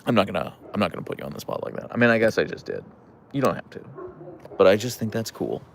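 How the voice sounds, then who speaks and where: A tired, relaxed man hosting a casual livestream, rambling with fillers as he answers viewer comments. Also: on the low side, quick pace, gravelly, slight background noise. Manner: relaxed, rambling, with fillers, soft coos to the dogs. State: tired, yawning. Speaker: livestream host with pet huskies.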